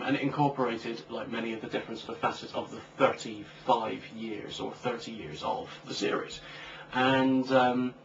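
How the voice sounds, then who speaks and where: A man's voice: mid-range voice, fairly bright tone. Young guy rambling on, jokey, lots of ums, sounds far off on a lo-fi mic with a bit of hiss. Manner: rambling, joking, many fillers. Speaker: co-host, comic creator. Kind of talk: casual chat. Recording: distant lo-fi mic with faint hiss.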